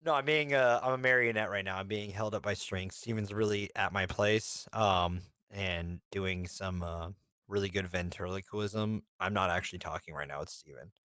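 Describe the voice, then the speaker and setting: A young man co-hosting a podcast over a voice call, chatting in an animated, playful way with lots of restarts. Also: low voice, normal speed, smooth, dry recording, clean studio sound. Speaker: podcast co-host. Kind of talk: casual chat. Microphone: remote call over voice chat.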